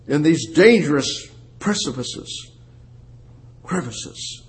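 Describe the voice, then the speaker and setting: A man preaching a sermon, repeating words for emphasis and rising louder on the scripture he quotes. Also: medium pitch, expressive. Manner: emphatic, repetitive preaching with slow drawn-out phrases. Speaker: pastor.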